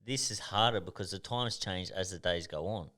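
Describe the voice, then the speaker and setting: A man's voice: sits low, moderate pace. An Australian man in his thirties, a boxer talking in a casual podcast interview, blunt and swearing freely. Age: 30s. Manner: blunt and swearing, animated storytelling. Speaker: professional boxer guest.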